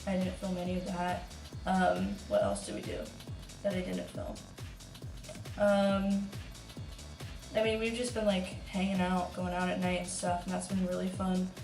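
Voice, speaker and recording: A woman's voice: lowish voice, flat delivery, moderate pace, a little mellow. Chatty young woman in an echoey room. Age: young adult. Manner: chatty storytelling, many "like"s and giggles. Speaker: study-abroad student vlogger. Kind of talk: casual vlog chat. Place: kitchen indoors. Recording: echoey room, distant mic, faint music.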